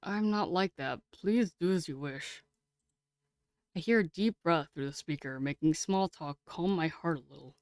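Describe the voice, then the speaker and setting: Excitable, swearing female streamer. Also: low voice, normal speed, no echo, clean studio sound. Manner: excitable, swears casually, chatty. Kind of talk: reading a game aloud and chatting with viewers.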